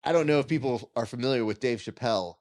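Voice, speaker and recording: A man hosting a casual interview podcast, telling stories in an animated, joking way. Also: medium pitch, fast. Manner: animated joking storyteller, acts out quotes. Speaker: podcast host.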